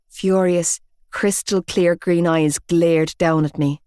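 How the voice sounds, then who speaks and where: A woman's voice: fairly low pitch, fairly even intonation, slow pace, darkish tone, clean tone, no echo, studio quality. A woman narrating a first-person audiobook in an emotive, heated reading.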